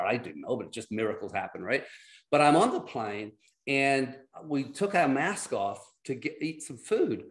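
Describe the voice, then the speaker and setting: A middle-aged man telling personal stories as a guest on a video call, in lively, animated storytelling. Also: mid-range voice. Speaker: guest speaker.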